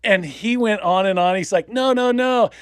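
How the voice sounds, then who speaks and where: A man's voice: sits high, normal speed, clear, resonant tone, no echo, studio quality. A man in his fifties who hosts a podcast and tells stories in a loose, profane way, acting out the voices of the people in them. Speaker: podcast host. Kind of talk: casual storytelling chat.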